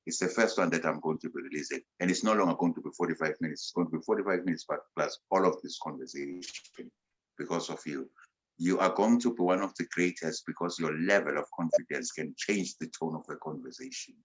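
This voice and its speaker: Deep-voiced South African man, emphatic. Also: fast, rough recording. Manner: emphatic, swinging between loud and soft. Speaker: motivational speaker. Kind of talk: impassioned motivational talk.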